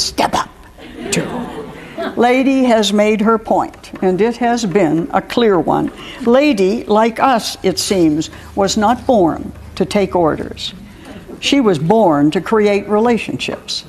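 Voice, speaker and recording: Wry woman reading her own story. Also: on the high side. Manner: wry, warm humor with frequent laughter. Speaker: author.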